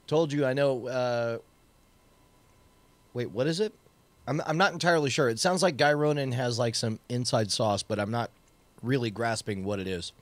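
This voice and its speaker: A man's voice: mid-range voice, unhurried, pauses often, dry recording. Chatty man talking with his mouth full. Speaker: stream host. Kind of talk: casual chat.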